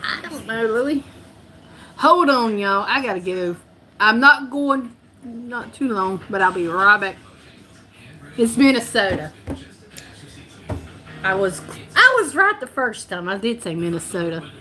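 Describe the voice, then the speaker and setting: A woman's voice: on the high side, lively intonation, takes it slowly, pauses often, pushed and bright, slight background noise. Southern-voiced woman from hosting her live chat; loose, giggly, talks her way through her own mix-ups. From North Carolina. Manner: rambling, laughs often, self-correcting. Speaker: livestream host. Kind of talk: casual live-stream chat.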